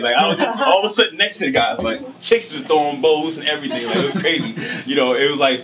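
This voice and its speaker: Man telling a story on stage, distant mic. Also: fairly high pitch. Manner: casual, slangy, animated, peppered with "you know what I'm saying". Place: stage before a live audience. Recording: distant mic, noisy live venue.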